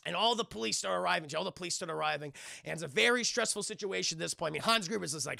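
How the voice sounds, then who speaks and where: Streamer, male, high and gravelly, profane and animated to live chat. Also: fast, no echo, clean studio sound. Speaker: streamer and film reviewer. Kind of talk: casual movie recap to live chat.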